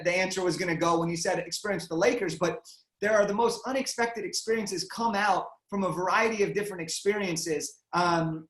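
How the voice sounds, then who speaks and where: A man's voice: high voice, a bit bright, roomy sound, poor audio. A young man, a guest speaker, telling a story in an interview answer with lots of energy and acting out the quotes.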